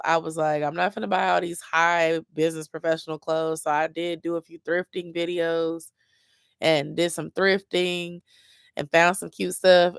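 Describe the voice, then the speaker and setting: A woman's voice: lowish voice, a bit bright, clean tone, dry recording, clean studio sound. Sleepy chatty woman vlogger. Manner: chatty, rambling, informal slang. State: sleepy, yawning. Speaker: lifestyle vlogger. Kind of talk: casual late-night chat with viewers.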